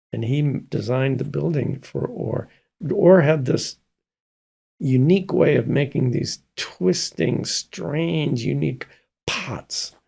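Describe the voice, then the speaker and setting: Older man, interview guest, husky dark voice, unhurried storyteller. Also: mid-range voice. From Mississippi. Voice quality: gravelly and husky. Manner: slow, thoughtful storytelling with many pauses. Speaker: guest, pianist and composer. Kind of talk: casual interview talk.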